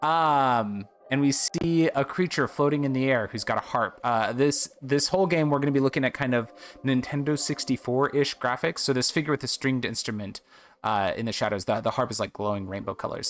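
A man's voice: mid-range voice, a little fast, faint music behind. A man casually commenting on a video game and reading its text aloud, chatty, with fillers and self-corrections.

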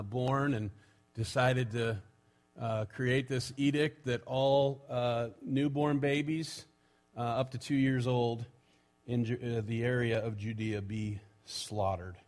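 A man preaching a sermon as pastor, conversational and unhurried, pausing often with fillers. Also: medium pitch, a little mellow.

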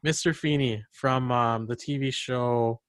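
A man's voice: mid-range voice, fairly even intonation, measured pace, no echo. Chatty young man with a dry close sound. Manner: rambling storyteller, many fillers and laughs. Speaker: podcast host. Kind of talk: casual chat.

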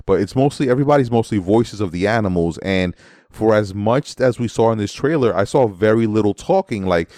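American guy, 30s, deep voice that swings a lot, joking co-host. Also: animated, fairly quick, dark tone, no room sound, clean studio sound. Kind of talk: casual movie review chat.

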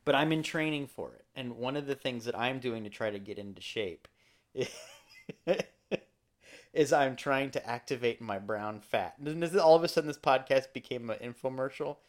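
A man's voice: medium pitch, normal speed. Male podcast co-host, loose and playful, rambles through casual banter. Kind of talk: casual chat.

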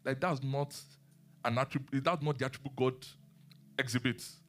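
A man preaching a sermon and teaching the Bible, animated, asking his listeners questions and laughing often. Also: mid-range voice, normal speed, faint music behind.

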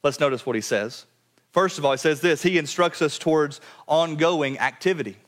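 A man preaching a sermon to his church, earnest and direct, often dropping to a quiet low voice to drive a point home. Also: moderate pace. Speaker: pastor. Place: church sanctuary.

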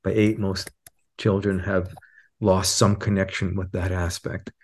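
Animated low-voiced man telling stories. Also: measured pace, breathy edge. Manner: animated storyteller, acts out quotes with raised pitch. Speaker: guest teacher. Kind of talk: reflective podcast conversation.

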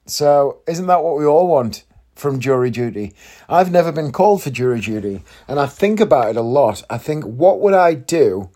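A man's voice: mid-range voice, animated, moderate pace, mellow. A man hosting a podcast, chatting casually and rambling with self-deprecating asides, tired and yawning. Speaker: podcast host. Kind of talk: casual solo podcast chat.

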